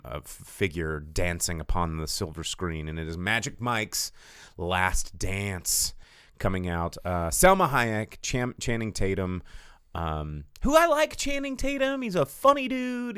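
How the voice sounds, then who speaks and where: A man co-hosting a casual movie-talk show, telling stories with lots of fillers and restarts and jumping high when he quotes other people. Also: clean tone, no room sound, studio quality. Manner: animated storytelling, jumps high for quoted voices; rambling with many fillers and restarts. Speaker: podcast co-host.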